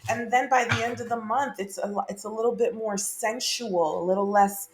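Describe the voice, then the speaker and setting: A woman's voice: fairly high pitch, steady tone, moderate pace, faint music behind. A woman giving a monthly tarot reading, chatty and enthusiastic, with many fillers and repeated okays. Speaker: tarot reader.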